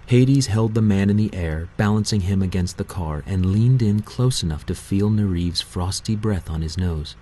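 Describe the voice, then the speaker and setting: A man narrating a novel in a measured, steady audiobook reading. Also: sits low, slightly rough, poor audio.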